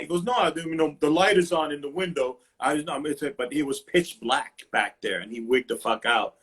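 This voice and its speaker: Husky, animated storytelling man. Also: a little high, fairly quick, few pauses. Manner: animated, profane storyteller acting out quotes. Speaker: host. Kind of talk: casual storytelling chat. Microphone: livestream phone mic.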